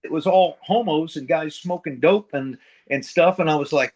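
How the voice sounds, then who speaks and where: In a casual interview, a retired Marine sergeant major, middle-aged and from the central US, rambles through war stories bluntly and profanely, imitating sound effects. He speaks briskly in a higher-pitched voice, and the recording quality is low.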